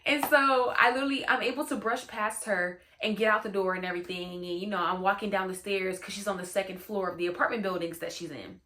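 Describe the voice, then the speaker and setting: Young woman hosting a storytime vlog; chatty, slangy, bright tone. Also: mid-range voice, steady tone, fast, few pauses. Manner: chatty, slangy, lots of "you know what I'm saying". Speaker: storytime host. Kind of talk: casual storytime chat.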